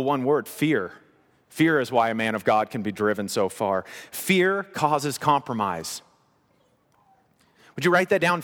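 Animated preacher in a reverberant hall. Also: male voice, mid-range voice. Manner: animated, conversational preaching with playful asides. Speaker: pastor. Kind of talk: sermon.

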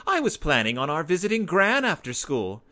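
A man voicing a strict, exasperated bear mother in a storybook read-aloud, raising his voice high to scold. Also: wildly swooping pitch, normal speed, pushed and bright, exaggerated voice. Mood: surprised.

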